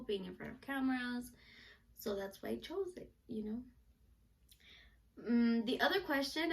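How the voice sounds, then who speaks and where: A woman's voice: mid-range voice, vocal fry. A young woman chatting casually to camera in a question-and-answer vlog, bubbly and full of "like" and "you know". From United States, Mexican parents. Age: young adult. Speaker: vlogger, student reporter.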